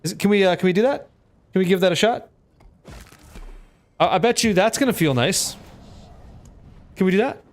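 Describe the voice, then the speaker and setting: A man with a notably high speaking voice narrates his game for a live chat. He is excitable and playful, swearing casually as he reacts to the action. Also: moderate pace, long pauses. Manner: excitable, joking, swears freely. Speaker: game streamer. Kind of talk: live gameplay commentary with chat.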